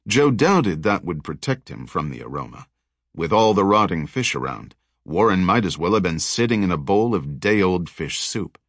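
A man's voice: deep voice, dry recording. A man reading an audiobook in a wry, dry storytelling manner. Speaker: audiobook narrator. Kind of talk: scripted narration.

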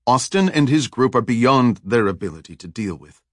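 A man's voice: mid-range voice, expressive, moderate pace, dry recording, clean studio sound, lightly acted. A man reading a ruthless female boss who gives cold, commanding orders.

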